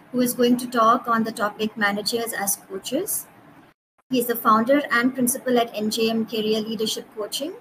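Higher-voiced woman hosting an event. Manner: polite, scripted welcome. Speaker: event host. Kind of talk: formal speaker introduction. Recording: clear background noise.

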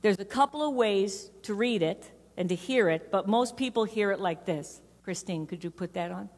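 A woman's voice: medium pitch, animated, normal speed, a little mellow. A woman pastor preaching a sermon in a conversational, playful way. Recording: reverberant church hall.

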